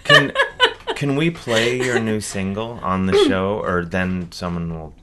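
A man's voice: low voice, measured pace, crowd noise. A man from Ohio hosting a podcast, chatting casually in a playful, rambling, self-deprecating way. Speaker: podcast host. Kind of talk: casual chat.

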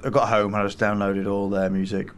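A man's voice: on the low side, flat delivery, fast talker, clear, resonant tone. Rambling, enthusiastic man on radio. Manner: rambling, enthusiastic, full of ums and restarts. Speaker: radio guest. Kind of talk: casual radio chat. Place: radio studio.

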